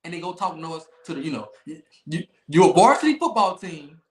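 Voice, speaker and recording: A man's voice: on the high side, very animated, a little fast, reverberant. A man hosting a sports talk livestream, emphatic and repetitive as he trash-talks rivals. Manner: loud, emphatic trash-talk with repeated phrases and laughs. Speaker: podcast host.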